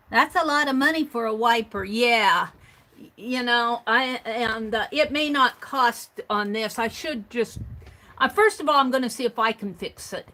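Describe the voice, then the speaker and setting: A woman's voice: a little high, unhurried, long pauses, pushed and bright. A woman hosting a livestream, chatting casually while crafting, talking to herself and laughing easily. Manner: chatty, talks to herself and reads viewer comments aloud; frequent restarts and fillers, laughs easily.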